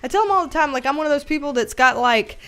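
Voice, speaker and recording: Southern woman rambling on a livestream at home, high voice, laughs a lot. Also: expressive, quick pace, fairly bright tone. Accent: Southern American. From Southern United States. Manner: chatty, rambling, laughs often. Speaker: livestream host. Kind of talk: casual chat.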